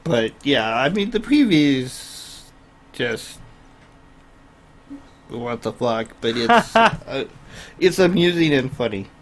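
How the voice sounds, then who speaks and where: A man's voice: mid-range voice, sing-song, takes it slowly, long pauses. A young man co-hosting a podcast, talking casually with some hesitation. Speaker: podcast co-host. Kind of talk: casual chat.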